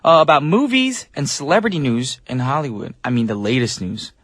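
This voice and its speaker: A man's voice: medium pitch, a little fast, a bit bright, dry recording. A man hosting a radio show as DJ, talking in a casual, upbeat, chatty way with loose fillers, from a studio microphone.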